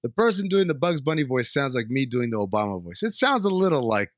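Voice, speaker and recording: A man's voice: mid-range voice, sing-song, fast, no echo, clean studio sound. A man co-hosting a casual movie podcast, tossing in teasing quips and reactions. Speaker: podcast co-host.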